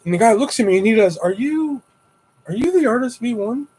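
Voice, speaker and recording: A young man with a high, light voice hosts a casual livestream, chatting to viewers through a desktop mic. He rambles and swears freely, and his voice leaps up whenever he acts out what he said in a story. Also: brisk, poor audio. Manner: animated retelling with high-pitched quoted exclamations. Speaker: livestream host. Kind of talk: casual live-stream chat.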